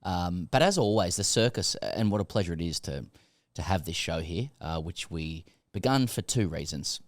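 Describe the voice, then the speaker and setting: A man co-hosting a sports podcast, talking in a halting, mock-grandiose way full of ums and uhs. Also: low voice, lively intonation, no room sound, clean studio sound. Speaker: co-host. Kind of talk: casual podcast chat.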